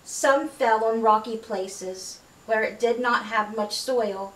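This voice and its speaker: A woman's voice: on the high side, fairly bright tone. Woman reading scripture in an echoey room. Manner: measured reading with casual friendly asides. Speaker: Bible reader. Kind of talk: Bible reading aloud. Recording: echoey room, distant mic, faint hiss.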